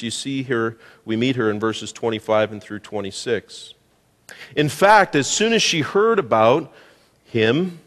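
Man preaching in an echoing church. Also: medium pitch. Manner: conversational preaching with questions to the congregation. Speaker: pastor. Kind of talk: sermon. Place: church sanctuary. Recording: church hall reverb.

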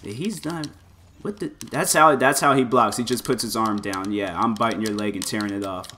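A man giving loose, excitable commentary over his fighting-game play, full of exclamations and filler words. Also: fairly low pitch, fairly quick, a little hiss or hum. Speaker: gameplay commentator. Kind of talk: casual gameplay commentary.

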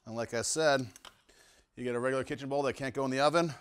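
A man's voice: mid-range voice, fairly even intonation, fast talker, clear, resonant tone. Enthusiastic man cooking at home. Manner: enthusiastic, savoring food aloud with lots of mm and wow. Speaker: home cooking show host. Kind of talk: casual cooking demonstration. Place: home kitchen.

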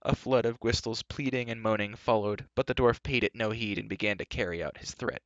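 A man reading a novel aloud in steady narration, with the odd slip, on a dull lo-fi recording. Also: fairly low pitch, a little fast, no room sound. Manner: steady narration with brief slips. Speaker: audiobook reader. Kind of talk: live book reading.

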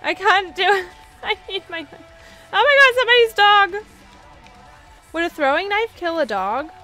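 A young woman commenting on her own gameplay, giggling, squealing and reacting excitedly. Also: extremely high pitch, moderate pace, soft background music. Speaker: gameplay video host.

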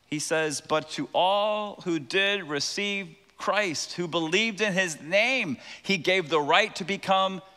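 A man's voice: sits high, slow pace, hardly any pauses, pushed and bright, clear, resonant tone. A man preaching a sermon as pastor, emphatic and often putting questions to the congregation. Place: church sanctuary. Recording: long reverb of a church hall.

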